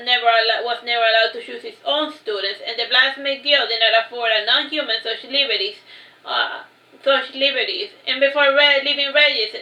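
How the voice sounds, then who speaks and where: A woman's voice: a little high, sharp tone. A woman reading her own fantasy novel aloud, stumbling now and then and correcting herself. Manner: unpolished reading with self-corrections. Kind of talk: storybook reading. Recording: roomy echo.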